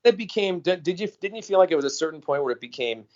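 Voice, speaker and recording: A man's voice: fairly high pitch, fast, hardly any pauses. An American man and podcast co-host, telling stories in a casual chat and acting out quoted lines. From United States. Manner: animated storyteller, acts out quoted voices. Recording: dull lo-fi audio.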